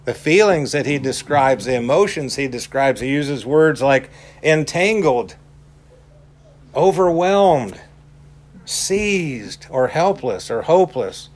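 A man preaching a sermon in a deliberate way, stressing his points by repeating key words. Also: mid-range voice, expressive. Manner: slow, deliberate, emphatic repetition.

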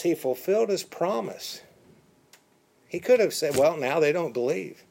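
Animated male preacher, slightly high voice. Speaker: pastor. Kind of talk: sermon.

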